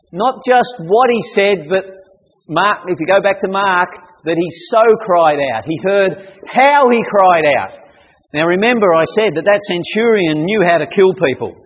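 High-voiced male preacher in a reverberant hall. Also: breathy edge, lo-fi sound. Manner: animated, acts out cries with sudden loud high bursts. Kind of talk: sermon to young people.

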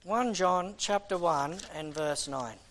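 Impassioned male preacher with halting restarts. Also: on the high side, a bit bright, a little hiss or hum. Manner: impassioned, conversational, with frequent restarts. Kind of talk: sermon.

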